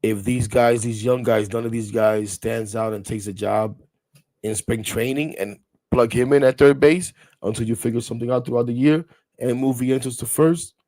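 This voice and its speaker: A man's voice: medium pitch, fairly even intonation, normal speed, dark tone. Blunt rambling male sports show host. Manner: rambling, blunt, swears casually, addresses viewers. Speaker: podcast host. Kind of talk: casual live sports talk.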